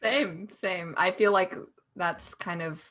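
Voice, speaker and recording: A woman's voice: lowish voice, slow, a bit bright. A woman co-hosting a podcast in casual chat, reacting to the guest with enthusiastic exclamations. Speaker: podcast co-host.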